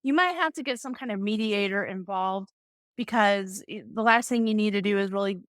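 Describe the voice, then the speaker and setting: A middle-aged woman, a self-help coach, giving calm advice and telling a personal story with small restarts. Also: mid-range voice, fairly quick, no room sound.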